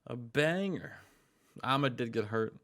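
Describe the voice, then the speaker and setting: A man co-hosting a casual game chat, dropping quiet, dry short remarks. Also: medium pitch, expressive, takes it slowly.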